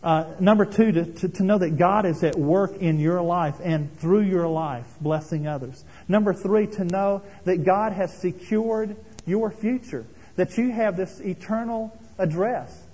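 A man's voice: high-pitched, a little slow, dark tone, slightly rough. A man preaching a sermon as pastor, earnest and explanatory, with rhetorical questions and frequent restarts, in a church sanctuary. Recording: long hall reverb.

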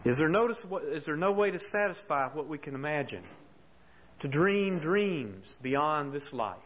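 A man's voice: on the high side, lively intonation, a little slow, fairly bright tone, breathy edge, poor audio. A man preaching a sermon, telling a story earnestly and building to impassioned rhetorical questions. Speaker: pastor.

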